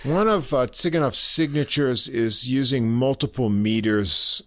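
A man giving a casual spoken review of a jazz album, halting with many fillers and little chuckles. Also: mid-range voice, a bit bright.

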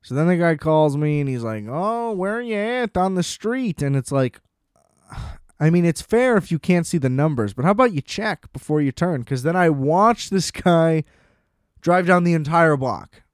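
A man's voice: on the high side, moderate pace, smooth, no echo, studio quality. A young adult man telling a rambling, sardonic storytime monologue from a small room at home, full of self-deprecating asides. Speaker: solo storyteller. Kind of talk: casual comedic storytime monologue.

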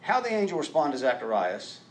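Man, pastor, sermon, mid-pitched voice, animated delivery, acted quotes, faint rumble. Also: a little fast. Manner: animated, acts out quoted voices, rises to loud emphatic peaks.

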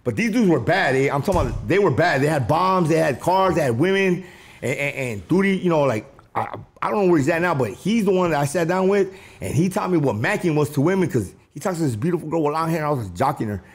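A man with a slightly high, expressive voice talks fast as an interviewee, casually telling stories from his youth. He uses street slang and often ends his lines with a tag question.

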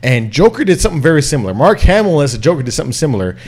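A man's voice: on the high side, racing, breathy edge. A man hosting a podcast in casual chat. He swears constantly and talks animatedly, pushing his voice up and down to make his points. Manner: heavy swearing, animated, drops and raises his voice to demonstrate. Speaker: podcast host.

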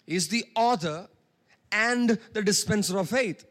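A man's voice: sits high, unhurried, fairly bright tone. A man preaching a sermon, calling for congregation responses and drawing out key words.

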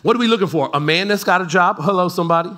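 A man's voice: high voice, very fast, pushed and bright. A man preaching a sermon to a congregation in a loose, conversational way, often checking in with the crowd and adding playful asides. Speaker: pastor. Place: church service in front of a congregation.

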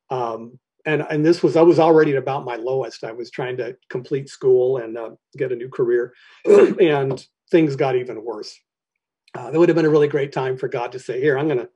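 A middle-aged man telling his personal recovery story to a meeting, halting and candid, often clearing his throat between phrases. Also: medium pitch, warm tone, muffled recording.

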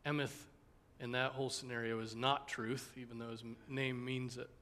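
Earnest male pastor teaching Sunday school, medium pitch, often asks the class "okay?". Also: level tone, moderate pace, a bit bright. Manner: ends in a spoken prayer. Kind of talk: Bible class sermon.

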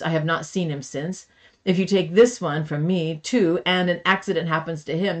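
Expressive scripture reader. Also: mid-range voice. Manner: expressive reading with dramatic emphasis on quoted speech; breaks into casual asides. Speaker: Bible study teacher. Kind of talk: reading scripture aloud.

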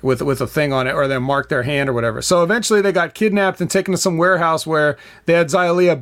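A man with a slightly higher-than-usual voice talks through wrestling storylines in a casual podcast chat. He hesitates often and keeps a dry, deadpan tone. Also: fast. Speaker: podcast co-host, former wrestler.

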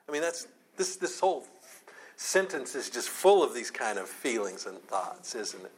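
At normal speed and with a mid-range voice, a man works through a Bible chapter verse by verse. His style is chatty and animated, acting out what the speakers say with sarcasm and laughter.

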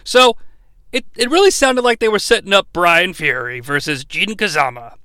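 Casting: a wry, bright-voiced man, animated pitch, dry close sound, rambling and sarcastic. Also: moderate pace, dry recording. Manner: sarcastic, profane, rambling asides. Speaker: movie review host. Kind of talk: comedic movie recap.

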